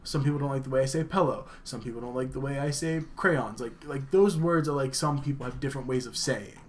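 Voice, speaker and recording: A man's voice: medium pitch, fast talker. A young man co-hosting a casual dorm-room podcast, rambling with lots of fillers and restarts. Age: young adult. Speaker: podcast co-host. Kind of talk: casual chat.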